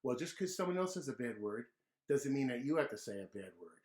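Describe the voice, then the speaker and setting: A man reading a picture book aloud to children, gently pausing to ask them questions. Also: medium pitch, sing-song. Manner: gentle, asks kids questions. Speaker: children's storyteller.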